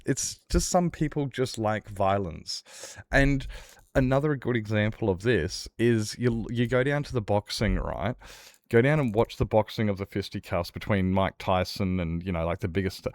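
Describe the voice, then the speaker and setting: A man's voice: on the low side, darkish tone, dry recording, clean studio sound. A young man streaming a game, chatting casually with chat in a rambling, blunt way and swearing freely. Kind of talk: casual chat while gaming.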